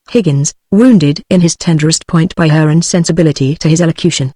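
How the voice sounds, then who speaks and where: A text-to-speech woman's voice with a British English accent, reading a stage play aloud in an even, synthetic manner. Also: deep voice, brisk, few pauses, no echo, clean studio sound. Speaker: narrator.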